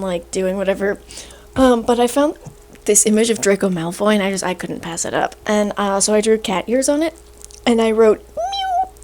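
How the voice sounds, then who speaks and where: A young woman hosting a video, ranting in a casual, sarcastic and rambling way, a little short of breath. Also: mid-range voice. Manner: animated, sarcastic, rambling with fillers. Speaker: video host. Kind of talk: casual rant to camera.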